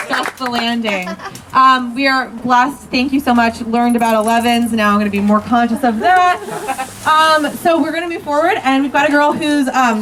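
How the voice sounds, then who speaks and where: A woman's voice: high voice, far from the mic, background noise. A woman emceeing a backyard comedy show, chatty and upbeat as she introduces the next comic. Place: outdoor backyard stage.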